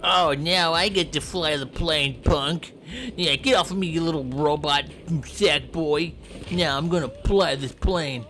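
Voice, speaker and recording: A man commentating gameplay in a goofy, clowning way, yelping and jumping high in pitch when things go wrong. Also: measured pace, pushed and bright, slight background noise. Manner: sing-song chanting and repeated silly words.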